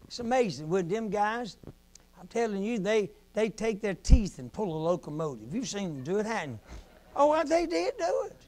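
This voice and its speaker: A man preaching a sermon, repeating key phrases in a rhythmic cadence, swinging from shouted emphasis to soft asides. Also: high voice, sing-song, normal speed.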